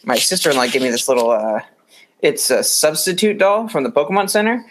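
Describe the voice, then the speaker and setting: A man's voice: a little high, sing-song, fairly quick, background noise. A man co-hosting a casual podcast, rambling along with many likes and uhs. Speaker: podcast co-host.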